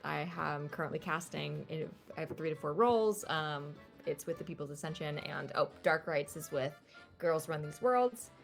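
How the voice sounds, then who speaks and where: Gravelly low-voiced woman plugging her streams. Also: expressive, normal speed, faint music behind. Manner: chatty, earnest, rallying. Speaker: guest player. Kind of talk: casual sign-off plug.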